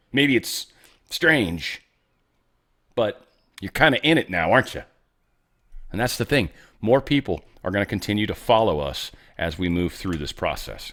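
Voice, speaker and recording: A man's voice: sits low, fairly bright tone. A man hosting a show, speaking casually and asking the audience rhetorical questions. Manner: folksy, conversational, asks the audience rhetorical questions. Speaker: host. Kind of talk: casual political commentary.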